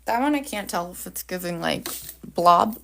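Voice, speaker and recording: A woman's voice: fairly low pitch, animated, moderate pace, gravelly, fairly bright tone, slight background noise. Chatty upbeat woman hosting a live planning stream. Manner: chatty, upbeat, talks to viewers while working. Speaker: planner livestream host. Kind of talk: casual live chat while drawing.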